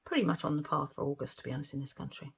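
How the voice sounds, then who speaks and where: A middle-aged woman talks through her resin crafting in a relaxed, chatty way. Her voice sits slightly low for a woman. She pokes fun at herself and giggles often between remarks. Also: racing, creaky, husky. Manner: chatty, self-deprecating, giggly. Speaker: resin art vlogger. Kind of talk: casual chat while crafting.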